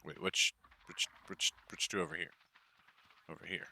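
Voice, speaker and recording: A man hosting a game session in casual chat, animated and quick to laugh as he gushes over the creatures. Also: low-pitched, creaky, slight background noise. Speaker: host and game player.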